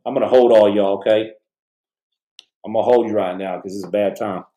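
A man's voice: fairly low pitch, steady tone, a little fast, dark tone. A middle-aged man hosting a live podcast, talking fervently to viewers in a rambling way with many restarts. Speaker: podcast host. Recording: roomy echo.

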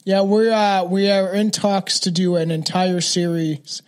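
A man's voice: high voice, fairly even intonation, measured pace, smooth. A man hosting a true crime podcast, talking casually and rambling, with many restarts. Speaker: podcast host.

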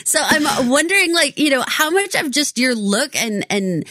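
A woman's voice: high-pitched, sing-song, moderate pace, pushed and bright, no echo, studio quality. A woman co-hosting a podcast interview, chatty and giggly. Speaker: podcast co-host. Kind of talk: casual interview chat.

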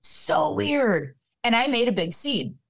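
Expressive woman in casual chat. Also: fairly high pitch, takes it slowly, creaky, dry recording, studio quality. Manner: reactive, responds in short interjections. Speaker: podcast co-host.

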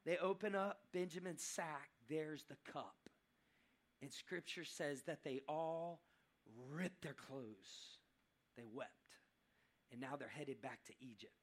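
A man preaching a sermon, telling a story dramatically and swinging between loud and hushed passages. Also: fairly high pitch, measured pace.

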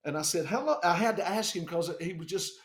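Guy from a band spinning a wild road story, fairly high voice, swears a lot, does all the voices. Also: fast, echoey room. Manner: animated, profane, acts out the people he quotes. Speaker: band member telling a tour story. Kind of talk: casual storytelling.

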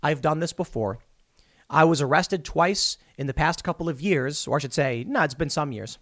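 A political commentator speaks to his viewers in a blunt, opinionated monologue, giving his own take and acting out dialogue as he retells events. His voice sits on the high side with a fairly bright tone and a moderate pace. The recording is dry and of studio quality.

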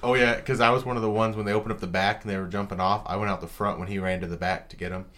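A man's voice: lowish voice, steady tone, fairly bright tone. A young man in casual chat, joking and telling stories with friends. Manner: quick, joking storyteller.

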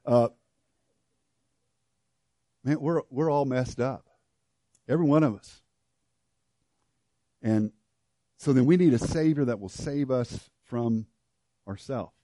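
A man preaching a sermon and telling a story, often restarting his words and swinging between loud and hushed delivery. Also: medium pitch, slow, pauses often, dry recording. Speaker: pastor.

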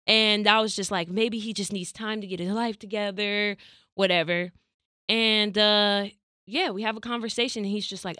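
A woman's voice: mid-range voice, normal speed, dry recording, studio quality. A young adult woman from California, hosting a podcast and telling a personal story in casual chat, acting out the dialogue. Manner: animated, acts out quoted dialogue. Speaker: podcast host.

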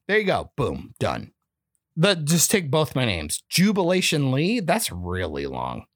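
A woman's voice: low voice, very animated, normal speed, dry recording, clean studio sound. A woman co-hosting a podcast, ranting casually and profanely about a movie. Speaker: podcast co-host. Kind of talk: casual chat, movie review.

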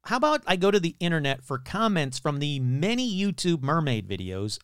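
A man's voice: fairly high pitch, big pitch swings, fairly quick, a bit bright, clear, resonant tone, no room sound. A man hosting a casual podcast, telling stories with swearing and sarcastic, skeptical asides into a close mic. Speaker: podcast host.

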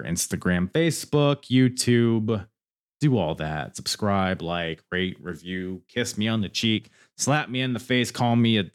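A man hosting a solo podcast and answering listener questions, joking and rambling as he goes, often laughing. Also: on the low side. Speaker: podcast host.

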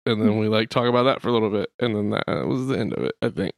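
A man casually recapping a movie plot with friends, animated and profane, acting out lines in exaggerated voices. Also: fairly low pitch, racing, gravelly, no room sound, clean studio sound. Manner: animated, swears, acts out quotes in exaggerated voices. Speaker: podcast host recapping a movie. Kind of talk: casual chat.

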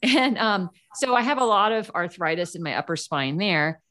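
A woman's voice: lowish voice, moderate pace. A woman guest in a casual chat, animatedly telling a personal story with lots of fillers and acted-out quotes. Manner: animated, acts out quoted voices, frequent fillers.

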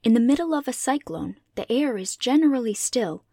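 A woman reading a classic children's novel aloud as narrator, in a measured, clear delivery. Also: on the high side, animated, dark tone. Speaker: audiobook reader. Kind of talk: scripted storybook narration.

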